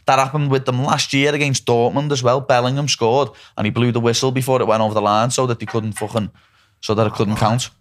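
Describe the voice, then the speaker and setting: A man's voice: medium pitch, level tone, fairly quick. A man with a Liverpool Scouse accent hosting a casual podcast chat, talking bluntly and swearing, tagging "lad" onto his phrases. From Liverpool, England. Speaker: podcast host.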